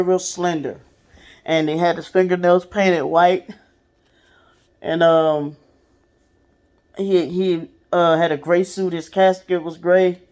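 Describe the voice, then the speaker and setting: Gravelly-voiced woman telling a story. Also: on the low side, darkish tone. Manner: candid and profane, addresses listeners directly. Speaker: podcast host. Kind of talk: casual personal storytelling.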